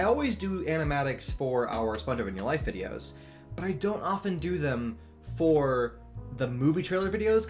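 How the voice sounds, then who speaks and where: A young man streaming as he draws, chatting in a relaxed way, answering chat and laughing often. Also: a little high. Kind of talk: casual chat while drawing on stream.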